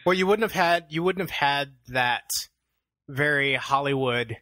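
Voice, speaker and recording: Young male podcast co-host, mid-pitched, bright and punchy, loose and conversational, recorded dry. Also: unhurried, dry recording. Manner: easygoing, thinks aloud with many "um"s. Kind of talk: casual film review chat.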